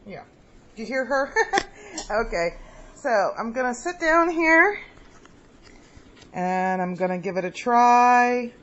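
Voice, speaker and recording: A woman's voice: fairly high pitch, lively intonation, slow, long pauses. A woman rambles cheerfully through a casual home cooking vlog. She is filmed in her own kitchen, tasting each dish with pleased murmurs. The recording is dull and lo-fi, with faint background noise. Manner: chatty, rambling, tastes food on camera with lots of mm's.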